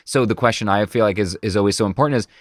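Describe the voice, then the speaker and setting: A man's voice: on the low side, racing, no echo, studio quality. A man hosting an interview, casual and encouraging, asking questions. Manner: casual, encouraging with short backchannels. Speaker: podcast host, magician. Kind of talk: conversational interview.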